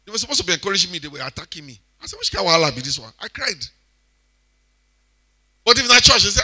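A man with a Nigerian accent preaching a sermon in a very bright, slightly high voice. He is animated, breaking into loud exclamations and then dropping to quiet asides. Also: fast. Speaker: church speaker exhorting congregation.

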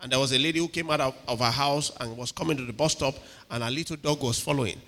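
A man preaching a sermon with animated delivery, acting out quotes and checking in with the congregation. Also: mid-range voice, quick pace. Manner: animated, dramatic, acts out quotes, asks the crowd "are you with me". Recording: reverberant hall.

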